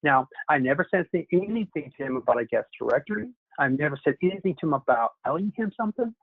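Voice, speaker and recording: Guy coaching sales reps, kinda high voice, sounds like a dry phone call. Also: expressive, fast talker, vocal fry, husky, no room sound. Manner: upbeat, coaching, keeps addressing the group as "guys". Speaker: sales trainer. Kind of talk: sales training talk. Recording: tinny phone line, dry.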